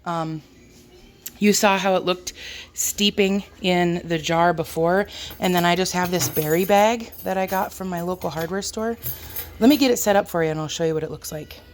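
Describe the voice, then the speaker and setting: A chatty woman talks through her kitchen chores for a casual vlog, pitched a bit low for a woman, with a slightly squeaky edge. She pokes fun at herself as she works. Faint background noise sits under her voice. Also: moderate pace. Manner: chatty, self-deprecating, talks while working. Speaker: homestead vlogger. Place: home kitchen.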